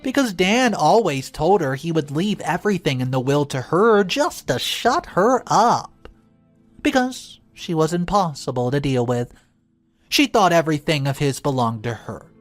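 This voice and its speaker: Animated male story narrator. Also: a little high, measured pace, faint music behind. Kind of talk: reading a first-person story aloud.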